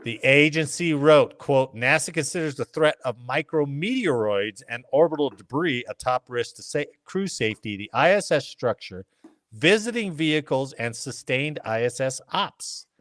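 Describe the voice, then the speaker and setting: A man's voice: medium pitch, expressive, a bit bright, no room sound. A male podcast host reads news stories aloud in a casual, conversational way. His voice rises and falls a lot as he talks, and the sound is close and dry. He keeps stopping to crack jokes about what he just read. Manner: reads news aloud with joking asides and quick impressions. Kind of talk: casual chat reading news.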